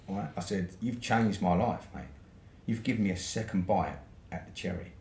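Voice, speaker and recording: Here a British podcast guest with a fairly low, darkish voice talks at normal speed, casually working through a long tale full of swearing and tag-on "right?"s. Faint noise and room echo sit in the background.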